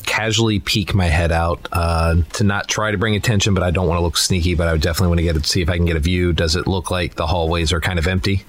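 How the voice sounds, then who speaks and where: A man playing a tabletop game, thinking aloud in a relaxed way with fillers. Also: low-pitched, fast talker, hardly any pauses. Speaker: player.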